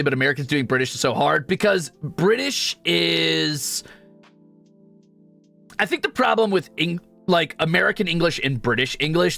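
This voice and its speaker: Man, casual stream chat, gravelly voice, lively swooping pitch, faint music behind. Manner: casual, quick asides and profanity, shows off vocal range.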